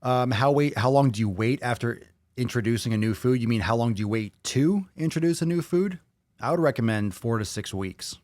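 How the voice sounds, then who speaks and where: A man's voice: mid-range voice, expressive, fairly quick, a little mellow, dry recording, clean studio sound. A man hosting a podcast, reading viewer comments aloud and reacting to them bluntly, with a lot of swearing. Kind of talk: casual chat.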